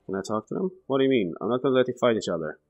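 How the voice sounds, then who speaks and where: A man's voice: medium pitch, animated, racing, darkish tone, highs cut off, faint music behind. A man thinking aloud through casual gameplay commentary, rambling and swearing now and then. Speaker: let's play gamer.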